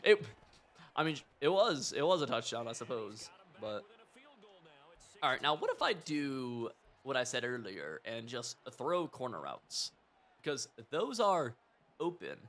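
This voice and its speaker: A young man streaming a football video game, chatting and reacting in casual gameplay commentary, swinging from muttering to yelling. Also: mid-range voice. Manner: excitable, talks to himself and the opponent, jumps from mutters to yells.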